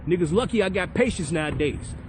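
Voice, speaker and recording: Profane man ranting high. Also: expressive, fairly quick, a little hiss or hum. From Chicago. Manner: profane, blunt, confrontational. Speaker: vlogger. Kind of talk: heated storytelling rant.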